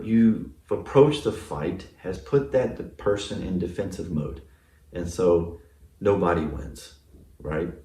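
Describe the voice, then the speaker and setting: A man's voice: low voice, warm tone, roomy sound, far from the mic. A male pastor giving a casual, conversational sermon, full of fillers and often checking in with the congregation. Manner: casual, filler-heavy, asks the congregation "right?". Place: church sanctuary.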